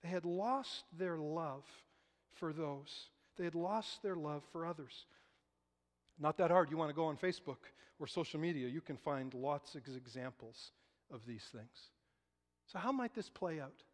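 A man's voice: on the high side, animated, a little slow. A man preaching a sermon as pastor, talking conversationally with rhetorical questions. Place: church sanctuary. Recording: long hall reverb.

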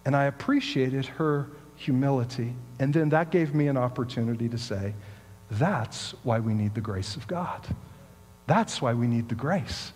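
A man's voice: medium pitch, normal speed, a little mellow, big-room sound. A man giving a sermon in a conversational storytelling way, asking rhetorical questions. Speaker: pastor.

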